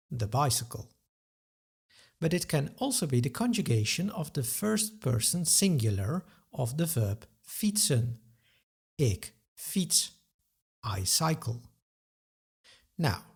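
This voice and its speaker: A man's voice: fairly high pitch, darkish tone, breathy edge. A male language teacher giving a webinar grammar lesson, explaining answers methodically step by step and carefully sounding out example words.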